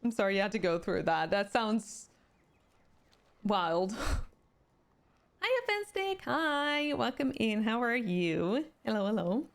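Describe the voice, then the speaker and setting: A woman's voice: a little high, very animated, slow, creaky, pauses often. A woman with a Swedish accent, a native Swedish speaker who streams games and chats casually, reading viewer comments aloud and answering them. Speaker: game streamer. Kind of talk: casual chat with live viewers.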